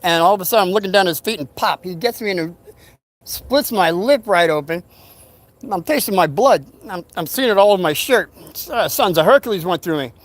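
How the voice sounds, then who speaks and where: Recalling his youth, an older man tells a casual, rambling story and acts out the dialogue with animation. His voice sits high and runs a little fast.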